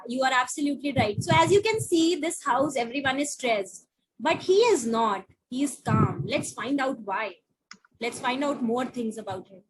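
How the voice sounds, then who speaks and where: A woman teacher reading a picture book to young children over a video call, asking them slow, coaxing questions. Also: high-pitched, slightly rough, low-quality recording.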